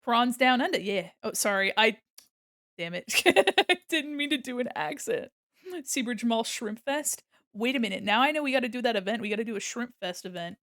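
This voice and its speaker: A chatty American woman with a neutral accent and a fairly high voice, talking to her stream while she draws. She rambles, laughs a lot and greets viewers with bright bursts. The sound is close and dry, with no room around it. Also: animated, a little fast, dry recording. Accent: neutral General American. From United States. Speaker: art streamer. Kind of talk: casual live-stream chat while drawing.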